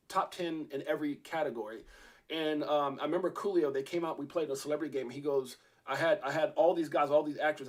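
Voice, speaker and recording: Fast-talking man telling a long story. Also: fairly high pitch. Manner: rambling, with many fillers and restarts. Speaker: podcast host. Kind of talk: casual storytelling in an interview.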